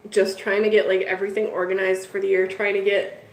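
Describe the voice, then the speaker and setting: A woman's voice: mid-range voice, flat delivery, fairly quick. A middle-aged woman, host of a hobby channel, chatting casually with viewers as she tells a story, laughing often. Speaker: betta fish channel host. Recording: echoey room.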